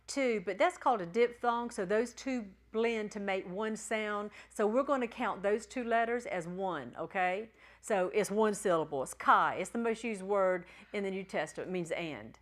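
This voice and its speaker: Patient woman teaching Greek sounds. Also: medium pitch. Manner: patient, spells out letters and sounds slowly. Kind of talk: classroom teaching. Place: church classroom.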